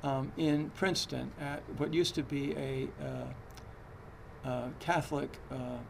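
A man's voice: medium pitch, steady tone, takes it slowly, vocal fry, a little hiss or hum. A man giving a Zen dharma talk in a conversational, hesitant way, with frequent fillers and restarts. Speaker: Zen teacher.

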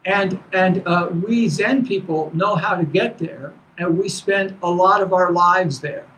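A man teaching as a Zen teacher, giving a dharma talk to students in a halting, conversational way full of restarts. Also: high-pitched, fairly bright tone, a little hiss or hum, low-quality recording.

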